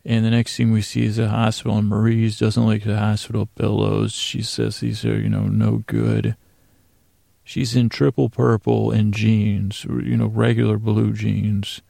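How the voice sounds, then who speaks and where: A man's voice: fairly low pitch, little pitch movement, unhurried, creaky, mellow, no echo. A man hosting a podcast, loosely recapping a TV episode from his handwritten notes, often correcting himself. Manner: loose, meandering, self-correcting. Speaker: podcast host.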